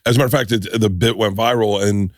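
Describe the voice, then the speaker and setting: A man's voice: fairly low pitch, dry recording. Middle-aged man, podcast host, casual swearing chat, dry close mic. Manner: energetic, swearing, storytelling with quick restarts.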